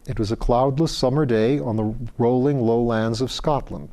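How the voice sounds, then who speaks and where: Man, storybook narrator, measured pace, mellow voice, mid pitch. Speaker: audiobook reader.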